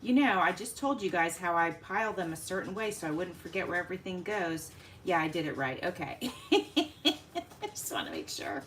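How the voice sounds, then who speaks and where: A woman hosting a casual craft livestream, chatting warmly with viewers by name and laughing often as she works. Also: on the low side, fairly quick, slight background noise.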